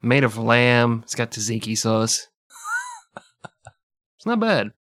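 A man's voice: medium pitch, big pitch swings, takes it slowly, a bit bright. A man co-hosting a podcast, riffing and joking crudely in casual banter. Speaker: podcast co-host.

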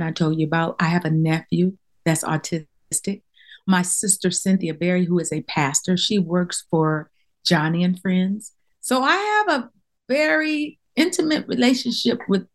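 A middle-aged woman, a professional singer, talking as a guest in a casual interview, speaking in a heartfelt and openly emotional way. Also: lowish voice.

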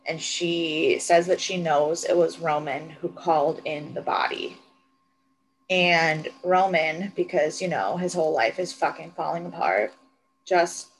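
A young woman co-hosting a podcast, retelling a TV episode in casual, animated chat with plenty of swearing. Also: on the low side, slight background noise, rough recording. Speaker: podcast co-host.

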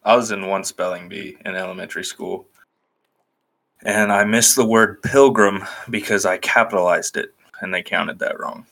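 A man's voice: low voice, steady tone, moderate pace, creaky, fairly bright tone. A man co-hosting a podcast, chatting casually, laughing often and swearing freely. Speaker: podcast co-host. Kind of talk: casual chat.

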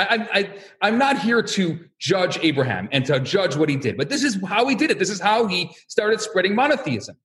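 A man giving a talk, telling stories and acting out the voices of the people in them. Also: high voice. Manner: animated, acts out quoted voices. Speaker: lecturer. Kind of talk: storytelling talk.

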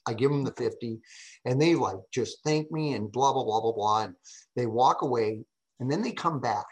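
A middle-aged man, a podcast guest and public speaker, telling stories in a casual interview with an animated, emphatic manner, often asking "right?". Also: medium pitch, normal speed, rough recording.

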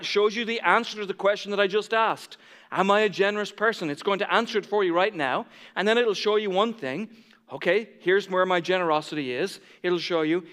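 A male pastor delivers a sermon in a high voice. He swells into impassioned, loud declarations and then falls back to soft asides. His voice rings with the long reverb of a church hall.

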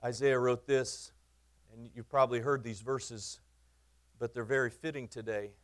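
A man, a pastor preaching in his church, earnest, repeating phrases for emphasis and swinging from loud to quiet. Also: medium pitch, fairly even intonation, moderate pace. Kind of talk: sermon.

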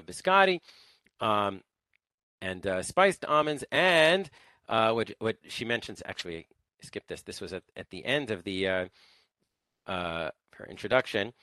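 Bright, halting man giving an online class. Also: fairly low pitch, animated, clean tone, no echo. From lives in Israel. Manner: halting, with many fillers and restarts. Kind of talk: informal online lecture.

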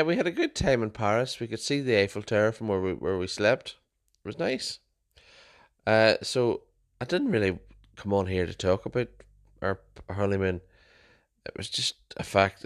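Low-voiced man rambling. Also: lively intonation, moderate pace. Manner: chatty storyteller, frequent restarts and self-corrections. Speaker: podcast host. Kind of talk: casual rambling monologue.

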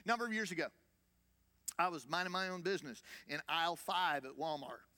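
A man's voice: fairly high pitch, fairly quick, sharp tone. A man preaching as a senior pastor, conversational, with rhetorical questions and repeated phrases. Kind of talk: sermon.

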